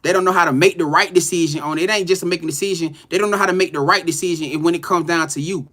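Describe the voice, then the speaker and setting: A man's voice: a little high, steady tone, rapid-fire, bright, forceful tone. A man doing a casual live-stream tarot reading, greeting viewers and laughing often. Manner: loose, slangy, greets chat viewers by name, laughs often.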